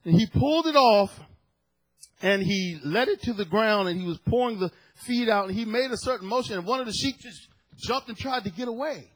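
A man preaching a sermon in a high, husky voice. He swings from loud, drawn-out declarations down to hushed asides and back. His delivery is dramatic, in the cadence of a pulpit. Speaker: pastor.

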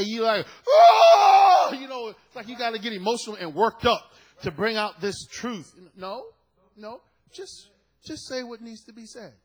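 Husky high-voiced preacher guy, goes from soft to shouting. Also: rough recording. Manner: swings from soft low asides to loud shouted peaks. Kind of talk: sermon.

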